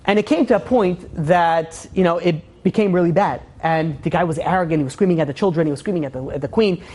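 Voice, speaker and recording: A man's voice: a little high, quick pace. A rabbi telling a parable in a casual lecture, with lots of "you know" as he goes. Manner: casual, animated retelling full of "you know". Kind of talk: storytelling lecture.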